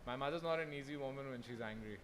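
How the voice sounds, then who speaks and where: A man's voice: mid-range voice, a bit bright, slight background noise. Earnest young man telling his story. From Pakistan. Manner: earnest, halting, with restarts. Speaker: festival speaker. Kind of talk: personal storytelling on stage. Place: festival hall.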